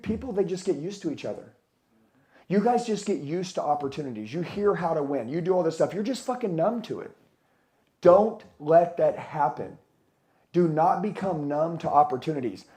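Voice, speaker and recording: A middle-aged motivational speaker addresses a live conference audience, blunt, swearing and fired up as he fires questions at the crowd. His voice is a little high with a darkish tone.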